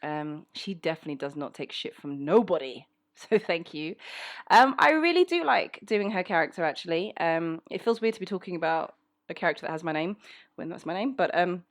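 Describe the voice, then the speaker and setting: A woman's voice: lowish voice, animated, fairly quick. Frank South London woman, thirties, chatty. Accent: South London English. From England. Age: 30s. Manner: frank and outspoken, chatty with frequent ums. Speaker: voice actor answering listener questions. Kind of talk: casual chat. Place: home.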